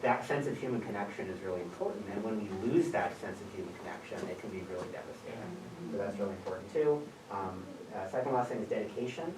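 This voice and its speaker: A man's voice: lowish voice, expressive, fast talker. A young man, a student intern, sharing his thoughts in a workshop with many hesitant fillers. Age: young adult. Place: conference room. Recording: echoey room from far off, background noise.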